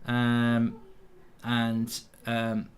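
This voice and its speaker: Man, watchalong host: excitable, blunt, swears freely, mid-pitched, casual live commentary. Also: very slow, smooth. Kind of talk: casual live match commentary and chat reading.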